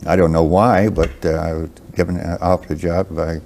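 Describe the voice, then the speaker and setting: Older Southern man, deep slow drawl. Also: flat delivery, vocal fry, a little mellow, a little hiss or hum. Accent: Southern American. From American South. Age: 70s. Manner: slow, halting, with many fillers and restarts. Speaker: guest writer. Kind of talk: interview.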